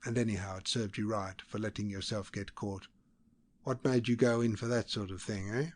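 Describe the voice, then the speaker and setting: A man's voice: lowish voice, steady tone, normal speed, lightly acted. A man voicing a mocking, condescending young male diplomat in an audiobook, speaking sharply with contempt.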